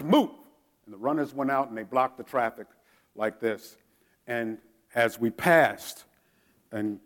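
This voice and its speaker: A middle-aged man preaching, his voice at a middle pitch for a man. He slips from hushed prayer into animated storytelling and suddenly barks out commands as he acts out the scene. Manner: prays softly, then tells stories with shouted drill commands. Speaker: pastor. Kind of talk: sermon.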